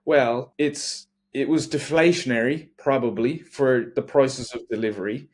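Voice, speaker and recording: A man's voice: mid-range voice, normal speed, few pauses, darkish tone. A man talking casually on a podcast, rambling through a thought with lots of restarts. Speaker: podcast co-host.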